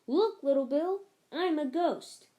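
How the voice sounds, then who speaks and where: A woman's voice: high voice, expressive, takes it slowly, warm tone, voice pushed up. A woman doing a playful young boy.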